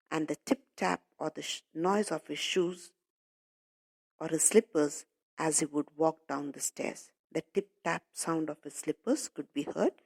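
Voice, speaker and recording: A woman's voice: deep voice, mellow, breathy edge. A woman English teacher explaining a story to schoolchildren, patiently repeating and paraphrasing while calling them children.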